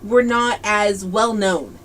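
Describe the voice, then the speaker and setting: A woman's voice: mid-range voice, takes it slowly, a bit bright. A woman co-hosting a casual snack-tasting chat, hesitant and chatty with frequent fillers. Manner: chatty, hesitant, lots of um and mm-hmm. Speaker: co-host.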